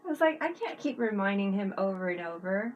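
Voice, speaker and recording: A woman chatting casually on a livestream, telling animated stories, laughing often and swearing freely. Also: mid-range voice, fairly quick, lo-fi sound, soft background music. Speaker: livestream co-host. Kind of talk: casual chat.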